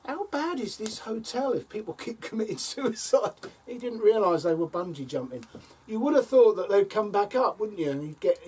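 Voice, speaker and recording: With a high-set, darkish and slightly rough voice, an older man chats casually to camera from his allotment, spinning funny yarns with plenty of ums and chuckles. The mic catches him from a distance, along with faint outdoor ambience.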